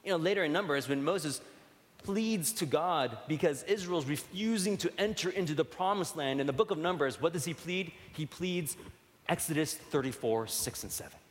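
A man preaching a sermon in a conversational way, asking rhetorical questions and dropping to soft, tender tones. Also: a little high, lively intonation, normal speed. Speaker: pastor. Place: church sanctuary. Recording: long hall reverb.

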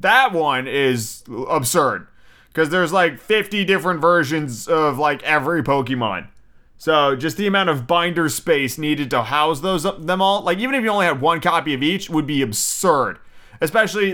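A man's voice: on the high side, expressive, moderate pace, bright, forceful tone. A young man hosting a casual solo podcast, chatty and freely swearing, often restarting his sentences. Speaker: podcast host.

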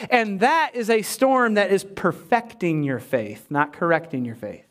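A man's voice: sits high, lively intonation, unhurried, hardly any pauses. A middle-aged man preaching a sermon, conversational and self-deprecating as he tells stories. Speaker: pastor.

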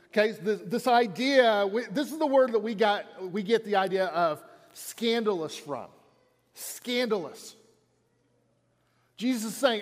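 A man's voice: high-pitched, big-room sound. A man preaching a sermon in an auditorium, in a conversational way that repeats lines for emphasis. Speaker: pastor.

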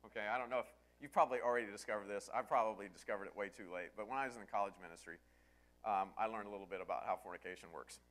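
Animated storytelling male pastor. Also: lowish voice, rapid-fire. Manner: storytelling, animated, breaks into yelling and laughter. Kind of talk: sermon.

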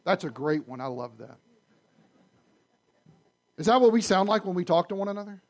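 A man preaching a sermon to his congregation, conversational and animated, often asking the audience questions. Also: high-pitched, normal speed. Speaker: pastor. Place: church sanctuary.

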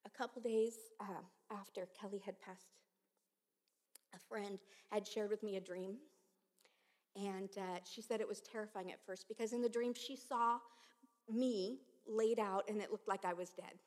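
A woman in her fifties giving a sermon with personal testimony, speaking slowly and earnestly with many halts, often dropping to a hush. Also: medium pitch, fairly even intonation. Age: 50s. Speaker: preacher. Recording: long reverb of a large hall.

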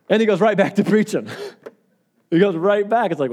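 A man's voice: high-pitched, lively intonation, brisk, long pauses, darkish tone. A male pastor preaching a sermon in an earnest, conversational way and telling stories.

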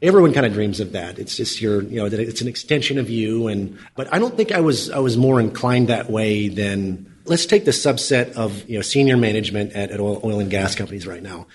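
A man speaking as a podcast guest in a casual interview, halting and restarting often, full of "you know" fillers. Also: lowish voice, expressive, slight background noise. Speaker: podcast guest, energy company co-founder.

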